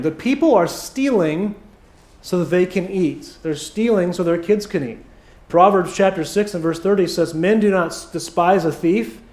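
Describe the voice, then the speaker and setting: A hoarse man preaches in an echoey church sanctuary, his voice pitched high for a man. He leans on key words and slows to drive them home. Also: a little mellow. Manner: emphatic preaching, slowing for stress. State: hoarse throat. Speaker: pastor. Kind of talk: sermon.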